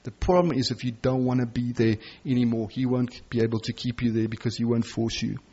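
A middle-aged man preaching a sermon with passion, rising to loud emphasis and dropping to soft, tender asides. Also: mid-range voice, steady tone, fairly quick, husky, muffled recording.

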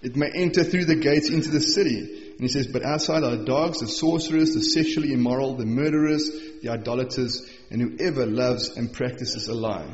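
A man preaching a morning sermon, reading scripture slowly and with emphasis, then explaining it in an earnest, conversational way. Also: medium pitch. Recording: echoey hall, dull sound.

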